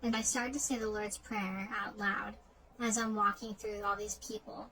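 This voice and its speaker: A woman's voice: mid-range voice, level tone, normal speed, sharp tone, a little hiss or hum, low-quality recording. A woman casually retelling a dream in a rambling way, full of "like" fillers and restarts. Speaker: storyteller.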